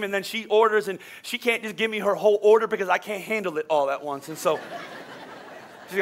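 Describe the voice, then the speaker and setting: A pastor preaching a sermon, swinging between loud, fervent preaching and quiet, joking asides, often repeating words as he goes. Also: high voice, brisk, a little hiss or hum. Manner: repeats words, stumbles and restarts.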